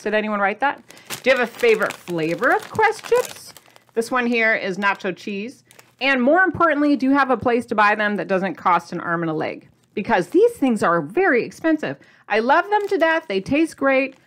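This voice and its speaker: Chatty woman vlogger, higher voice. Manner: chatty and animated, asks viewers questions, laughs often. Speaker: keto diet vlogger. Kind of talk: casual chat to camera.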